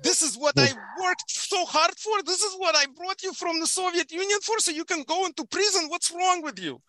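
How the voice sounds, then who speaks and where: A man's voice: extremely high pitch, a little fast, sharp tone, dry recording, voice pushed up. A man putting on the voice of his exasperated immigrant mother, scolding and pleading with him.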